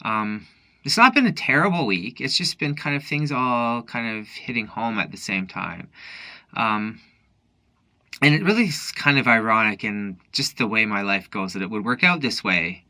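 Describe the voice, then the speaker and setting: Man, put-on Irish accent slipping into Newfoundland, drunk, rambling late-night talk, very bright sharp tone. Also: on the low side, animated. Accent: put-on Irish, drifting to Newfoundland. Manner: rambling, halting, with many restarts. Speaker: vlogger.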